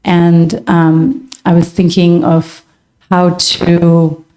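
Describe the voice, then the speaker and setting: Earnest woman with a mellow, lowish voice. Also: little pitch movement, drawn-out words. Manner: earnest, rambling, many fillers. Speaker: audience member asking a question. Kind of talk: earnest question at a Q&A.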